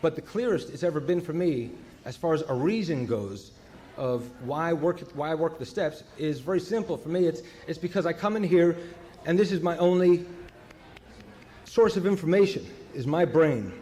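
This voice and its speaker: Halting storyteller man at a recovery meeting. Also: a little high, lively intonation, mellow. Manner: storytelling, halting with many fillers. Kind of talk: personal recovery talk.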